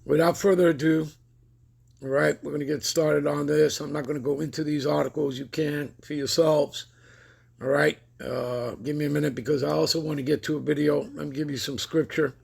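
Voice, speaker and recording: Gravelly man preaching, constant "all right?". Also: a little high, little pitch movement, brisk, darkish tone. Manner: keeps checking in with listeners with repeated tag questions; reads scripture aloud with rising emphasis. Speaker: online preacher and commentator. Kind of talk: preaching over news commentary.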